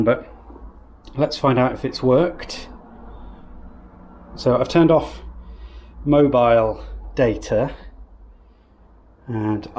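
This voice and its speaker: A man's voice: mid-range voice, darkish tone, roomy sound, slight background noise. A man chatting casually on a home vlog while renovating his house, rambling and self-deprecating. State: out of breath. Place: house under renovation, indoors.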